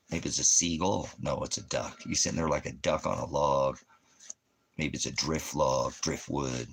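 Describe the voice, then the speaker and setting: Man, livestream rant, scornful, loud, combative, forceful tone. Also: low voice, husky. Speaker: ministry host reading viewer comments.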